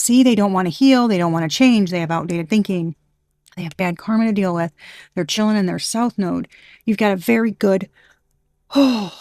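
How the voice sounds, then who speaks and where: A tarot reader with a lowish, slightly mellow voice gives an intuitive reading, thinking aloud in a rambling, hesitant way with many restarts and a playful streak. The recording is dry.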